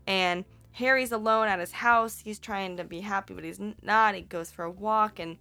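A woman with a bright, forceful voice talks through a movie plot in a loose, chatty way. She rambles, corrects herself mid-sentence and tosses in playful swearing, with soft music faintly underneath. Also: medium pitch, moderate pace, hardly any pauses. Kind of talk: casual movie recap.

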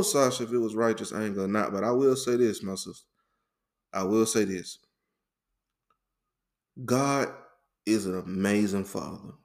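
Animated man sharing faith frankly. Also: fairly low pitch, measured pace, long pauses. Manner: animated, repetitive, conversational with slang. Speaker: faith podcast co-host. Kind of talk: candid faith talk.

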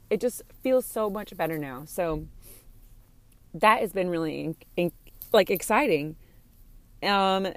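A woman's voice: medium pitch, no echo. A young woman hosting a candid solo podcast, recorded in a car, talking in a gushing, chatty way full of "like". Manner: gushing, chatty, lots of "like" and "freaking". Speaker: podcast host and streamer.

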